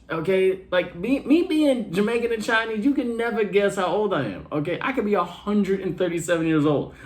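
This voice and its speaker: A man doing a brash, slangy stand-up comedy set for an online show. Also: a little high.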